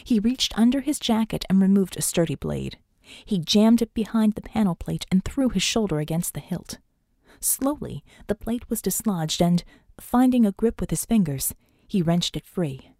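A woman's voice: medium pitch, expressive, normal speed, mellow, dry recording, studio quality. A woman narrating an audiobook in a tense, dramatic reading. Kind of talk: scripted narration.

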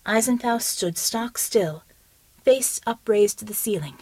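A woman reading an audiobook in measured scripted narration, close to the microphone. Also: on the high side, animated, a little mellow, husky, dry recording.

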